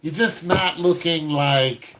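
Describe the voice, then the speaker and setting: A man giving a casual, joking critique with animated, mock-preachy asides. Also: a little high, slow. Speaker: dating and style commentator.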